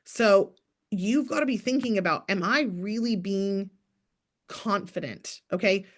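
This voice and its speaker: Energetic woman coaching a sales team. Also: medium pitch, unhurried. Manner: energetic, chatty, acts out sample messages in bright voices. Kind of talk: motivational coaching talk.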